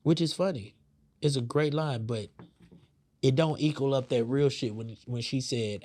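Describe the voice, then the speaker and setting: A man's voice: mid-range voice, moderate pace, darkish tone. A man hosting a podcast, giving heated, profane commentary with lots of fillers. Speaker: podcast host. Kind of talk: casual opinion commentary.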